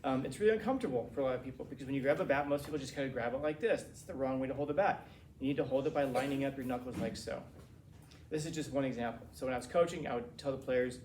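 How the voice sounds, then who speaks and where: A man in his forties, a teacher, lecturing a class in a rambling, animated way with many restarts. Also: mid-range voice, very fast. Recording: roomy classroom from a distance, faint hiss.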